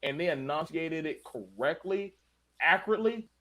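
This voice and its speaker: A man hosting a casual panel chat, animated and swearing, with bursts of loud emphasis and speech. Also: on the high side, normal speed. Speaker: show host.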